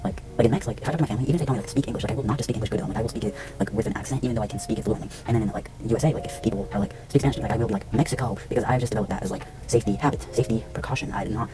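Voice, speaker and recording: A man's voice: on the low side, very fast, hardly any pauses, background noise. A young man vlogging to camera indoors at home, rambling and swearing, with lots of fillers and restarts. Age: young adult. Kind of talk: casual rambling talk to camera.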